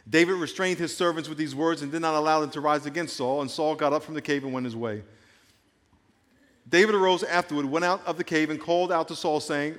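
Animated preacher in a reverberant hall. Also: male voice, on the high side. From New York. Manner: animated, swings from hushed to emphatic, slows to stress scripture. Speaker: pastor. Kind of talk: sermon. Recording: long reverb of a large hall.

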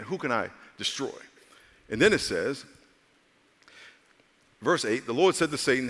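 Preaching pastor with hall reverb. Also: male voice, mid-range voice, fairly bright tone. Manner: preaching with humor and audience call-outs, voicing characters. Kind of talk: sermon.

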